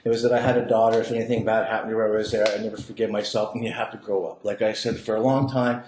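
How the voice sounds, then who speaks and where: His voice is on the low side, with little pitch movement, a darkish tone and a very fast delivery, over a little hiss or hum. He's a Canadian podcast guest telling his life story bluntly, profanely and casually, acting out voices, in an echoey room.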